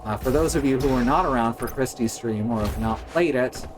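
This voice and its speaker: A man's voice: mid-range voice, a little fast, over music, poor audio. A man chatting casually and joking while he plays a game on a live stream. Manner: wry, joking, narrating his gameplay.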